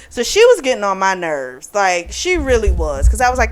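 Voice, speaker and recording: A woman's voice: mid-range voice, huge pitch swings, moderate pace, hardly any pauses. A woman hosting a book club channel, giving a chatty, opinionated review full of fillers.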